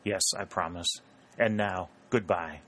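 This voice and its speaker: A man reading an audiobook voices an anxious, gentle young woman who speaks softly and earnestly. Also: low-pitched, fairly even intonation, unhurried.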